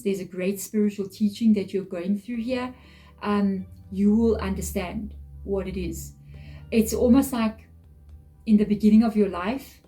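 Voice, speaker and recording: A woman's voice: mid-range voice, mellow, rough recording. A woman giving an earnest, emotional tarot reading straight to camera, often repeating her phrases. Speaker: tarot reader.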